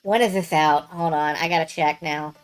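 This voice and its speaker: A woman's voice: low-pitched, fairly even intonation, moderate pace, soft background music. A woman streamer giving casual live commentary while playing a game demo, wry and enthusiastic, swearing freely and thinking aloud.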